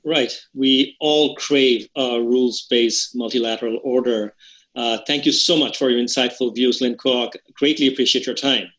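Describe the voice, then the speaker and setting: A man's voice: medium pitch, steady tone, normal speed, fairly bright tone, poor audio. A man hosting a podcast interview, asking long conversational questions with many fillers. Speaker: podcast host.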